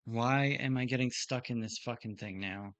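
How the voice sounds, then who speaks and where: A man streams himself practicing in a drone racing simulator, muttering and swearing in frustration as he plays. His voice is medium-pitched and fairly bright, at a moderate pace, in a dry recording.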